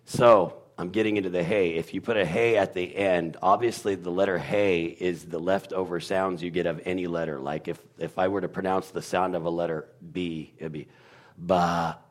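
A man as a guest explaining Hebrew letters, halting and searching for words, sounding out syllables to demonstrate. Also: low voice, fairly even intonation. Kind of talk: casual explanatory talk.

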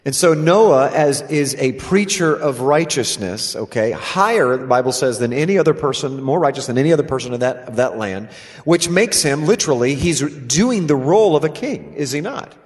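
A man's voice: medium pitch, lively intonation, normal speed. A man co-hosting a scripture discussion, explaining emphatically and restarting his phrases. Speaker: co-host. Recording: long hall reverb.

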